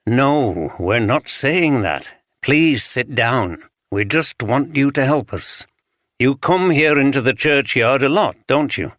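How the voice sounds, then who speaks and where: A man voicing a calm, kindly male police detective in an audiobook, speaking in a gentle, reassuring way. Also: medium pitch, slow, no echo, studio quality, pitched above the performer's own voice.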